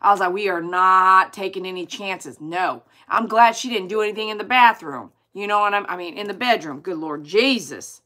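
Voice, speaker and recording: A woman chatting casually with viewers on her livestream, animated and exclaiming as she reads comments aloud. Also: medium pitch, a little fast, hardly any pauses. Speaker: dog groomer hosting a livestream.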